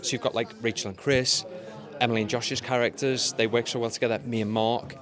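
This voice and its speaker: A man's voice: mid-range voice, brisk, crowd noise. Enthusiastic young male actor. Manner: enthusiastic, animated storytelling. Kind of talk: press event interview.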